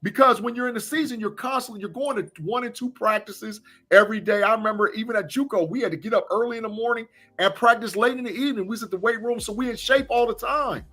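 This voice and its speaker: This former college football player, co-hosting a casual sports podcast, drives his points home emphatically and says them more than once. He speaks fast in a high, pushed, bright voice with few pauses.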